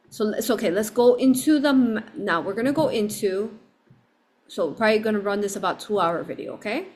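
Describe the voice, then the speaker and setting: A woman hosting a livestream, telling a story in a casual, excitable way, with frequent exclamations and restarted sentences. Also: mid-range voice, normal speed. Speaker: livestream host.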